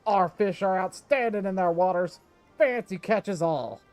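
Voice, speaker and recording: A man's voice: high-pitched, a little slow, a little mellow, voice pushed up. A dreamy, theatrical fishmonger with big ideas, as a man puts him on. He draws out his words with grand, storyteller flair, in a slightly raised voice. Faint music plays in the background.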